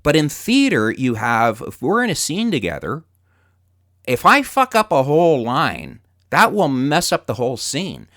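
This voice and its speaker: A man hosting a podcast, telling stories in casual chat, swearing freely and getting loud as he relives his anger. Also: mid-range voice, a little slow, no echo, clean studio sound. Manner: animated storyteller, swears freely, gets loud retelling anger. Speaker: podcast host.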